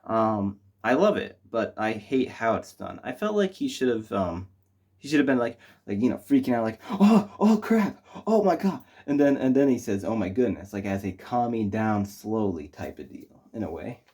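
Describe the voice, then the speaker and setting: A man's voice: fairly low pitch, animated, normal speed, darkish tone. A young man reviewing a movie in casual chat, rambling with lots of fillers and restarts.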